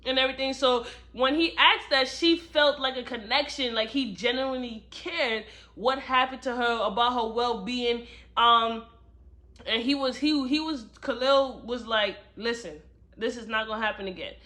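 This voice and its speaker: A woman giving a casual book review, retelling the plot in an animated way and acting out the characters' lines, recorded at home. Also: high-pitched, a little slow.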